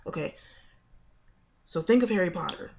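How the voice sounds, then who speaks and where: A woman's voice: fairly low pitch, expressive, moderate pace, creaky, darkish tone, dull audio. A young woman, teaching in a casual video lesson, chatty and full of fillers and restarts. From United States. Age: young adult. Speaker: accent coach.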